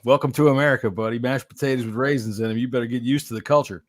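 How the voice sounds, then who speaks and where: A man co-hosting a sports podcast, talking loudly and joking with plenty of swearing. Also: mid-range voice, steady tone, racing, dry recording, studio quality. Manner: loud, profane, joking. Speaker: podcast co-host. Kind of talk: casual sports podcast chat.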